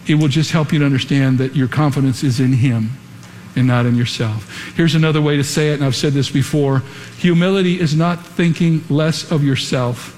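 A man preaching a sermon in an earnest, measured way, building to emphatic repeated lines. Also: a little high, fairly even intonation, darkish tone, slight background noise. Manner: earnest preaching with dramatic pauses and quoted whispers. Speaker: pastor. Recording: long hall reverb, faint ambience.

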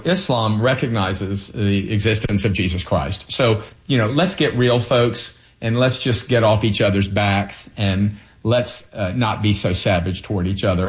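Earnest man with a low voice, political candidate. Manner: earnest, anecdotal, many fillers and restarts. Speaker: attorney general candidate. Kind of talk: political interview.

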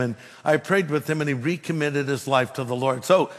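A man preaching a sermon, telling a humorous personal story in an animated way. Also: a little high, normal speed, in a large hall. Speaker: pastor.

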